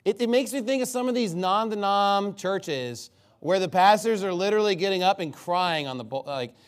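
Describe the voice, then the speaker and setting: A man preaching an expository sermon, animated and mocking, reading scripture aloud and breaking into impressions. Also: high-pitched, normal speed, clear, resonant tone.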